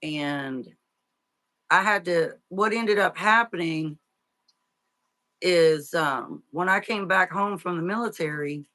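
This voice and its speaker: A middle-aged woman, an interview guest, telling her life story in a halting, tearful way with many fillers and restarts. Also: on the low side, bright, forceful tone. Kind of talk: emotional personal storytelling.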